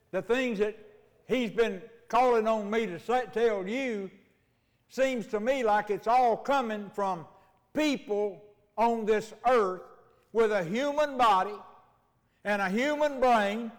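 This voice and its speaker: Older man, high-pitched voice, folksy preacher, long church-hall reverb. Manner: homespun storytelling, slows for emphasis. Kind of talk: folksy sermon. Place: church sanctuary. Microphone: mic.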